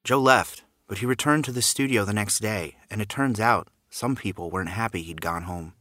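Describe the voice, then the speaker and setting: A man's voice: fairly low pitch, moderate pace, pushed and bright, no room sound. A man reading scripted narration that links parts of a story. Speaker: podcast narrator.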